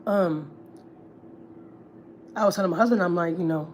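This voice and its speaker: A woman's voice: on the low side, moderate pace, slight background noise. A woman, chatting casually and swearing freely as host of a gossip livestream, often repeating herself. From Houston, Texas.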